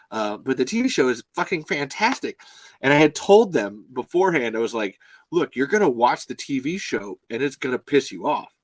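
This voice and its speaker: A man hosts a casual live podcast from a home mic, rambling, swearing freely and sounding animated. His voice is medium-pitched at a moderate pace, the recording rough but without echo.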